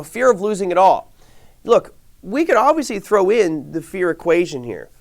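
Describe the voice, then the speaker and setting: A man teaching a live online trading class, talking casually and answering viewers' chat questions. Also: on the high side. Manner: conversational, reads viewer chat aloud; animated, rhetorical questions. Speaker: trading instructor.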